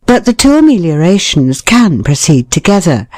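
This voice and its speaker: An audiobook reader giving a measured, expressive narration of a nonfiction book, briefly voicing short quoted remarks. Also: mid-range voice, no room sound, clean studio sound.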